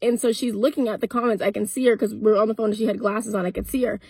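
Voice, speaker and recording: Blunt, husky-voiced 18-year-old woman vlogging. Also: mid-range voice, little pitch movement, racing, darkish tone, no room sound. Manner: casual, blunt, swears freely, acts out both sides of arguments. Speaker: content creator. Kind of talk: storytime vlog.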